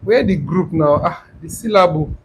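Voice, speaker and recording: A Nigerian man with a fairly high voice talks through a clip-on mic near his throat as he hosts a casual live class on trading. He chats and teases, sliding between Pidgin and English, with faint wind noise on the mic behind him. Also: normal speed, low-quality recording. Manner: chatty, mixing Pidgin and English, teasing viewers. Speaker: forex trading class host.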